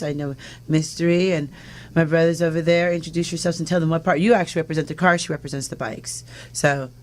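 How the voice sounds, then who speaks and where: Enthusiastic woman hosting a talk show. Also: low voice. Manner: warm, enthusiastic, laughs often. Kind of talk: casual chat.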